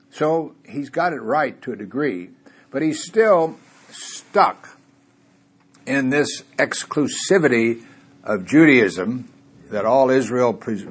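A man's voice: on the low side, slightly rough. A man preaching a conversational sermon in a church, asking his listeners rhetorical questions and chuckling now and then.

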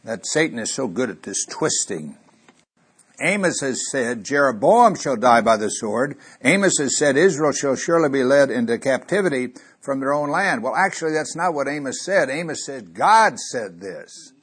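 Husky-voiced man preaching with rising emphasis. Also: medium pitch, moderate pace. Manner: animated, rising loud on quoted scripture. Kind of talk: sermon.

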